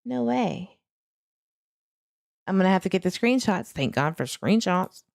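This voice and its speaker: Frustrated woman chatting true crime to viewers, low voice, dry sound. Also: expressive, a little fast, no echo. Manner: frustrated, talks to viewers, laughs between remarks. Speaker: true crime channel host. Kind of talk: casual chat to viewers while searching online.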